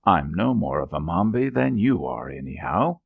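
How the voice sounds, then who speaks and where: A cocky, pig-headed young spy who answers in short, defiant bursts, as a man puts him on. The voice is raised well above the reader's own and swings widely. It has a husky edge and sits in a dull, lo-fi recording. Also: low voice, sing-song, moderate pace, no echo, heavily acted. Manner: curt, defiant. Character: stubborn young male spy, blunt and cocky.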